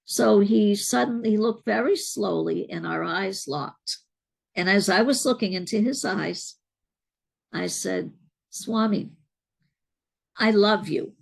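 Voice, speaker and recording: A woman's voice: medium pitch, vocal fry. A middle-aged woman, an interview guest, earnestly recounting a personal spiritual experience in a reflective way. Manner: earnest, reflective, unhurried storyteller.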